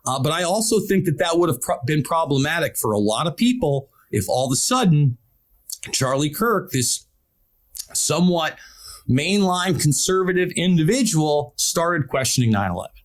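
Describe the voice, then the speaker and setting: American male podcast host, slightly high voice, forceful and urgent delivery. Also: expressive, normal speed. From United States. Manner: emphatic, urgent, repeats words for stress. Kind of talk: political podcast talk.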